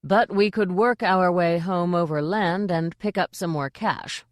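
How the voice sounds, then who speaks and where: A woman's voice: on the low side, no echo, studio quality, close to an everyday voice. A woman voicing a shrewd, businesslike male troupe manager. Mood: firm. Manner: firm, brisk, businesslike.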